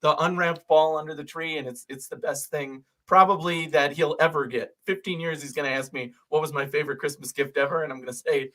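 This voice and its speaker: A man co-hosting a sports podcast, telling relaxed, chatty stories. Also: a little high, brisk, hardly any pauses. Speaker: podcast co-host. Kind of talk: casual sports podcast chat.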